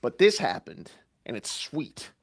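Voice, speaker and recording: A Canadian man co-hosting a podcast in loose comic banter. His delivery is rambling and deadpan, with a steady mid-range pitch, lots of "uh" and "um," and a habit of mocking himself. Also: a little slow, creaky. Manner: rambling, deadpan self-mocking, many fillers. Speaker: podcast co-host. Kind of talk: casual comedic podcast banter.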